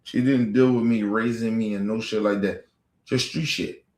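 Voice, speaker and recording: A man's voice: lowish voice, fairly even intonation, normal speed, darkish tone, slight background noise. Man telling a blunt, rambling story in an echoey room. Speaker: live stream host. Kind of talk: casual storytelling to viewers.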